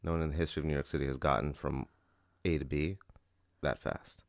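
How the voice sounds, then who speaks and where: Deep-voiced man rambling a comic story. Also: level tone, quick pace, creaky, no echo, clean studio sound. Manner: rambling, profane, fillers like "like". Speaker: host.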